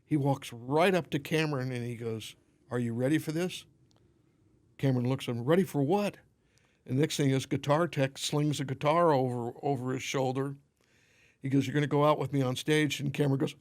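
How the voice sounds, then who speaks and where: A man chatting as a podcast guest, spinning anecdotes in an easygoing way. His voice sits at an everyday middle pitch. He slips into the voices of the people in his stories as he goes. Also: brisk. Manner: animated storyteller, acts out quoted dialogue. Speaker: podcast guest, limo company owner. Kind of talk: casual anecdote telling.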